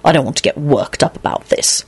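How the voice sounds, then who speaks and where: A woman's voice: fairly quick, dry recording, lightly acted. A woman voicing a moody, volatile man who mumbles and snarls, in an audiobook. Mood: sullen. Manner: sullen, snarling.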